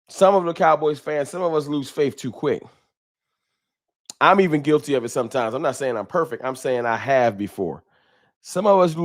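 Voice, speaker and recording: Casual man hosting a live stream. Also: mid-range voice. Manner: greets viewers by name with slang. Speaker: livestream host. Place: home room with a wall sign. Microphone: desk microphone.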